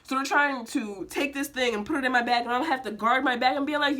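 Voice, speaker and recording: A woman's voice: high voice, quick pace, sharp tone. A young woman telling a dream in a casual, emphatic spiritual vlog, slangy and full of fillers. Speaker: vlogger.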